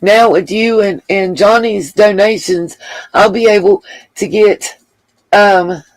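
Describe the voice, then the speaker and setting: A woman's voice: mid-range voice, slow, no echo, rough recording. A woman hosting a casual livestream, reading viewer comments aloud and thanking them with gushing endearments. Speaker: livestream host.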